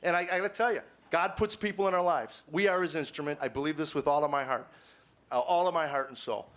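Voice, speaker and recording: A middle-aged man doing confessional stand-up on stage before a live audience. He talks earnestly, stammers over repeated words, and swings between quiet musing and emphatic, preacher-like points. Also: on the high side, quick pace. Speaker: comedian.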